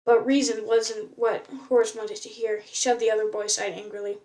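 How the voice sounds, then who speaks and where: A woman's voice: on the high side, little pitch movement, brisk, mellow, far from the mic. A woman reading a novel aloud in an unpolished way, often stumbling and restarting words. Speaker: reader.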